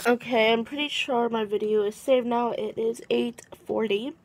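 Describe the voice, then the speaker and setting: A teenage girl talking casually into her vlog camera. Her voice sits a little high with a gravelly, fry-laden edge. She rambles, cuts herself off and starts over, and sounds tired. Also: steady tone, moderate pace, a little hiss or hum. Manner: rambling, restarts sentences, giggly. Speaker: vlogger.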